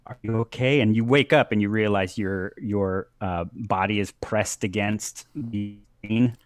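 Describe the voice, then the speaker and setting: A man narrating as game master of a tabletop game, halting with many pauses and fillers. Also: on the low side, fairly even intonation, no echo, studio quality. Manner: halting, many ums and uhs, laughs often.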